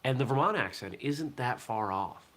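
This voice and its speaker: A man's voice: medium pitch, expressive, normal speed, a bit bright. A man from southern Maine hosting a casual morning live stream, chatting in a rambling way and reacting to viewer comments. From southern Maine, USA. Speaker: host of a martial arts morning show.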